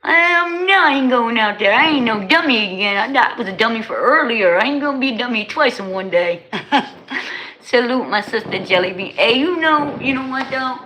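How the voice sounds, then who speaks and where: Bright-voiced woman streamer. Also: fairly high pitch, moderate pace, slight background noise, low-quality recording. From New Jersey. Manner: animated, slangy, talks straight to chat. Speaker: livestreamer. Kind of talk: casual livestream chat with viewers.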